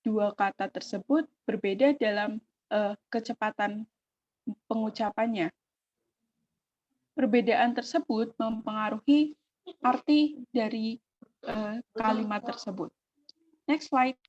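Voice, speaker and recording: Young indonesian woman doing a class presentation, kinda high voice, muffled recording. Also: darkish tone. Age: young adult. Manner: halting, switches between English and Indonesian to explain. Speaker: student presenter.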